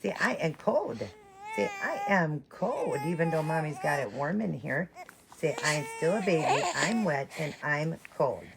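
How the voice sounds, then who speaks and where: A woman's voice: sits low, very animated, a little slow, very noisy, heavily acted. A woman putting on a fussy cold baby. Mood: plaintive. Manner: soft, plaintive baby talk. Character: cold wet little baby doll, fussy. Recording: loud recorded crying behind.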